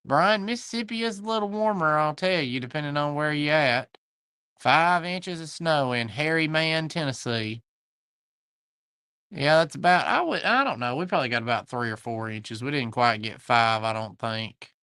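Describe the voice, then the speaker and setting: A man's voice: on the high side, animated, normal speed, pushed and bright, clean tone, no room sound. A man with a Southern US accent hosting a live online antique sale from his shop, chatting folksily and greeting viewers by name. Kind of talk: livestream chat, reading viewer comments.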